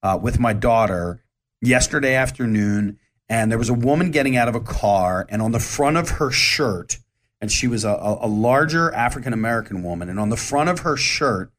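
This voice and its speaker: A man talks straight to his listeners. His voice sits at an ordinary middle pitch, and his delivery is candid and rambling, with plenty of false starts and restarts. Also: lively intonation, normal speed, fairly bright tone. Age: 40s. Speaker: show host. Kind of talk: casual monologue.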